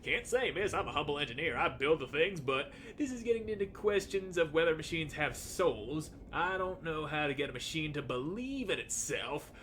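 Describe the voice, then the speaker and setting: A man's voice: on the high side, sing-song, normal speed, few pauses, fairly bright tone, a little hiss or hum. A man voicing a humble, plain-spoken engineer in a video game, polite and folksy. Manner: folksy, polite, calls her miss.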